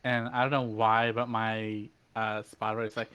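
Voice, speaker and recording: A man narrating as game master of a tabletop game, relaxed, with frequent fillers. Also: on the low side, moderate pace, clear, resonant tone. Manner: relaxed, laughs easily, hesitant fillers.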